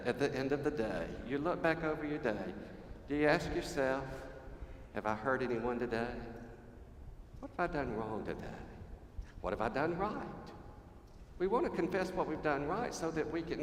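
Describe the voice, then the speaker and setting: Lively man preaching in church. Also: a little high, a little hiss or hum. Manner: conversational, humorous, asks the congregation questions. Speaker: pastor. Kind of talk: sermon. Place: church sanctuary. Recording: roomy church echo, long reverb.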